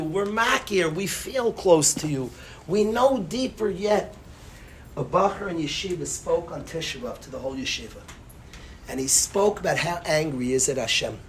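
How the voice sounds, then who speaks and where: A man, a rabbi, giving a passionate sermon-style Torah class, swinging from loud cries to hushed near-whispers and peppering his speech with Hebrew and Yiddish terms. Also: fairly high pitch, creaky, a little hiss or hum.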